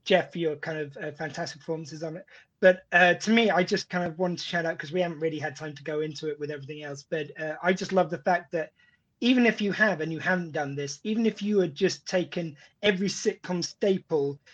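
A man's voice: on the high side, fairly quick. Enthusiastic male podcast host, lo-fi sound. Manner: animated, enthusiastic, laughs easily. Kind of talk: casual podcast chat. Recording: dull lo-fi audio.

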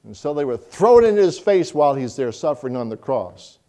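A man preaching a sermon, quoting scripture and swinging between loud emphasis and hushed, slowed delivery. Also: mid-range voice, sing-song.

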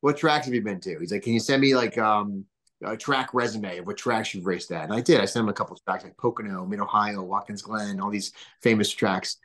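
Male guest, 30s, low voice, casual and filler-heavy, animated storyteller. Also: brisk. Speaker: podcast guest, business founder.

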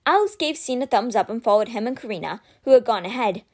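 Woman, reading a book aloud, expressive narration, high pitch, lively intonation. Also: fast. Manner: expressive, dramatic storytelling. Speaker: reader of a children's novel.

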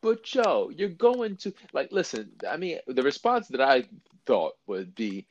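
A man's voice: mid-range voice, big pitch swings, a little slow, lo-fi sound. A man co-hosting a casual chat, making his point emphatically and repeating himself.

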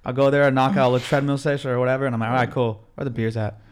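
A man's voice: medium pitch, steady tone, rapid-fire, clean tone. A man in his twenties hosting a podcast, chatting casually with heavy swearing and frequent laughter. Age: 20s. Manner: profane, rambling, laughs often. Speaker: podcast host. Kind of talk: casual chat.

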